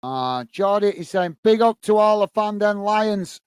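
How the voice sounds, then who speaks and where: Hosting a football watch-along live, this fairly high-voiced British man commentates on play and reads out viewer messages, greeting them by name with frequent "uh" fillers. He sounds expressive, friendly, and measured in pace. The recording is close, smooth, clear, and free of room sound.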